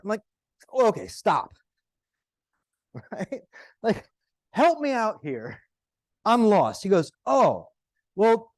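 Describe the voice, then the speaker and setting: A man giving a conference talk, telling stories in a conversational, animated way and checking in with the audience with "right?" and "okay?". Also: fairly high pitch, no echo, clean studio sound. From United States. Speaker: conference presenter.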